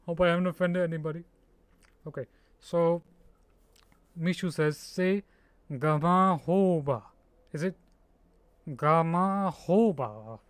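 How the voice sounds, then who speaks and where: A man chatting casually on a live stream, haltingly sounding out foreign names and laughing at his own mistakes. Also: fairly high pitch, level tone, clear, resonant tone, no room sound. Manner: halting, tries out names slowly, laughs at himself.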